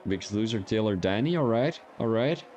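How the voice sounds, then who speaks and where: A man's voice: fairly low pitch, lively intonation, fairly quick, a little mellow, dull audio. Young man commentating a sim race. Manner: casual, joking, chats with viewers while commentating. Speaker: sim racing stream commentator. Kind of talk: live stream commentary.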